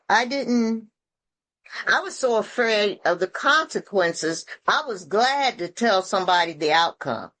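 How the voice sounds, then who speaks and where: A woman from Atlanta, speaking at a recovery meeting in a blunt, earthy, preachy way with folksy slang and swearing, heard over a video call. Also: lowish voice.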